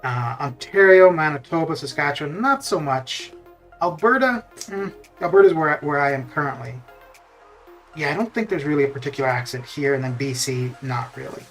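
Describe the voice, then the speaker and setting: A man with a slightly higher-than-usual voice chats loosely as he streams a game. He rambles, filling his talk with "like" and "um" and restarting his thoughts. Soft music plays faintly behind him. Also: lively intonation, moderate pace. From Canada. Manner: rambling, full of fillers and restarts. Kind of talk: casual chat while gaming live.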